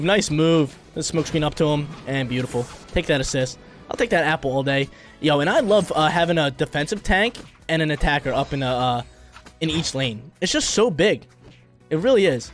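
A young man giving hyped, slangy commentary over his own gameplay as a gaming YouTuber, reacting quickly to each play. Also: medium pitch. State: briefly coughing.

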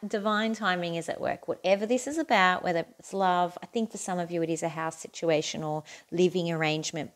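A woman giving a casual, chatty tarot reading to camera, encouraging and quick to laugh at herself. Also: on the low side. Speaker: tarot reader.

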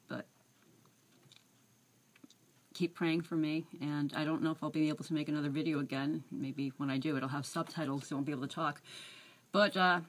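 A scared woman with a slight lisp and some slurring, talking in a halting personal video diary with restarts and pauses. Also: low-pitched, steady tone. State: anxious and scared. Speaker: vlogger.

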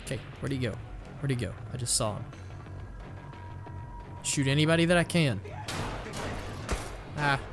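In this let's-play of a shooter, a young man rambles casually over game music, making self-deprecating jokes and blurting out frustration. He speaks mid-range and animated at a moderate pace, pausing often, with a fairly bright tone.

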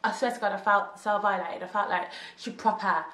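Animated young woman, roomy echo. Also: medium pitch, brisk, slight background noise. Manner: animated, slangy, laughing storyteller. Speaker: vlogger. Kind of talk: storytime vlog.

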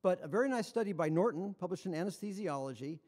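A man's voice: high voice, animated, fast talker, a little mellow. A man giving a conference lecture in a large hall, talking enthusiastically and conversationally with wry asides. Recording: long hall reverb.

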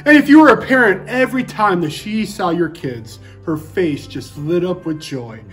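A pastor, a man, fondly recalling a church member in a gentle way. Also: high voice, expressive, normal speed, faint music behind. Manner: gentle, fond storytelling. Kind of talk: spoken remembrance.

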